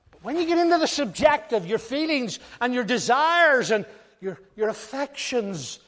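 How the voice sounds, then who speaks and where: An older man preaching a sermon as pastor, emphatic, swinging between loud stresses and hushed asides. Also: extremely high pitch. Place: church hall. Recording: long hall reverb.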